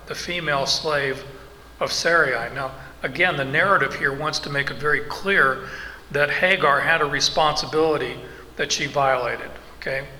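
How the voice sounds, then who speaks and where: A middle-aged man preaches in a bright, sharp voice that sits a little high for a man. He talks slowly and with emphasis, breaking off into asides and restarts as he works through a passage. A long hall reverb hangs behind him over a faint background noise. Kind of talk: expository sermon.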